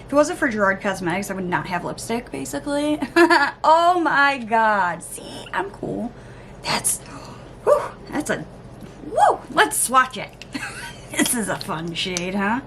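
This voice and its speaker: A woman vlogger chatting casually through an unboxing, gushing, gasping and cooing with excitement. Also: on the high side, slow, a little hiss or hum. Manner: gushing, excitable, lots of gasps and oohs. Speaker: beauty vlogger.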